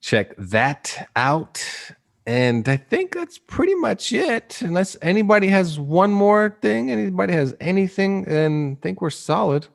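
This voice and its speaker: A man's voice: high voice, sing-song, measured pace, gravelly. A man hosting a podcast in casual, rambling chat, joking and teasing his co-hosts. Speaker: podcast host.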